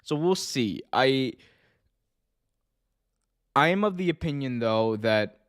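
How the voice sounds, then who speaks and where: Rambling, animated wrestling podcast host man. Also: mid-range voice, slow pace, clean tone. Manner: animated, rambling, lots of fillers and restarts. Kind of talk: casual commentary reading live chat.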